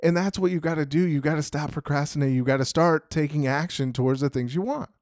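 A man's voice: a little high, fast, darkish tone, no room sound, studio quality. A man hosting a podcast, giving a casual motivational talk and often asking "right?" to the listener. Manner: casual, repeats "you know" and "right?" often. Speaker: podcast host.

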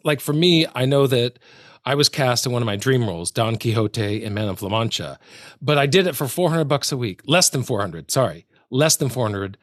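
A man's voice: mid-range voice, lively intonation, moderate pace, no echo, clean studio sound. A man hosting a casual interview, speaking in an earnest, reflective way and drawing on his own stage experience. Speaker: host.

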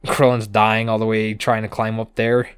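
A sarcastic man recapping episodes on a podcast, swearing offhandedly and slipping into brief character voices. His voice is lowish and smooth, and the recording is close and dry with no room sound. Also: completely flat delivery, no room sound. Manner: sarcastic, swears casually, acts out characters in quick asides. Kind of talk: casual comedic recap chat.

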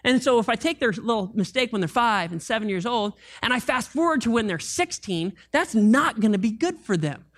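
A man preaching a sermon as pastor, animated and conversational, with jokes and asides to the congregation. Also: sits high, fairly quick, hardly any pauses.

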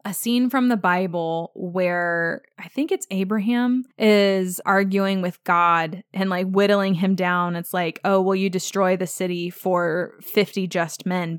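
A woman's voice: on the low side, clear, resonant tone, no echo. Woman podcaster gushing over a show episode, laughs a lot, dry close mic. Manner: chatty, laughs often, acts out quoted lines. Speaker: podcast host. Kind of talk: casual podcast recap.

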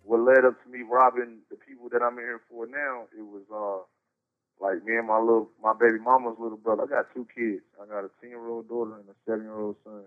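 A man from North Carolina tells his story in a rapid, rambling rush, full of slang and swearing. His voice sits at an ordinary middle pitch. It comes through a thin, tinny phone line. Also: little pitch movement. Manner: blunt, profane, slangy and rambling. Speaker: incarcerated interview guest. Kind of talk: casual storytelling.

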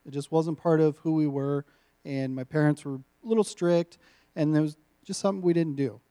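A man in his thirties gives a guest sermon with a mellow, warm voice. He keeps it light and self-mocking and laughs often between lines. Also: on the high side, steady tone, normal speed, smooth. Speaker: guest preacher.

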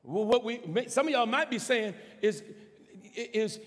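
A pastor preaching a sermon in a church, calling out to the congregation and swinging from soft delivery to shouts. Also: male voice, very high voice, expressive, a little slow, a little hiss or hum. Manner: impassioned preaching with call-and-response. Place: church sanctuary. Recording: long hall reverb.

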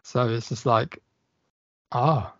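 A man's voice: mid-range voice, slow pace, a bit bright, dry recording. A man co-hosting a podcast, chatting casually about films and acting out lines in bursts. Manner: chatty, acts out lines from films in raised voices. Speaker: podcast co-host. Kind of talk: casual film chat. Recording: dull, slightly muffled podcast audio.

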